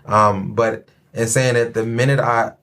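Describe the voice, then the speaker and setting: A man from Chicago with a Chicago American accent, hosting a casual podcast chat, animated and joking. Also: medium pitch, a little slow. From Chicago, USA. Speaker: podcast host.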